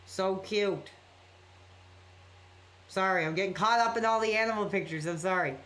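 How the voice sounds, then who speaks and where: A man's voice: high-pitched, normal speed, fairly bright tone. Rambling apologetic man streaming late at night. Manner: rambling, apologetic, reacting to chat messages. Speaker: live streamer. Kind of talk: casual late-night live-stream chat.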